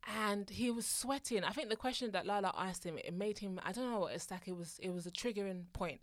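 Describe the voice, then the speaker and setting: A woman co-hosting a casual podcast chat, animated and laughing as she tells stories. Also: mid-range voice, fairly quick, hardly any pauses, dry recording, studio quality. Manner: animated, laughing, restarts while storytelling. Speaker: podcast co-host.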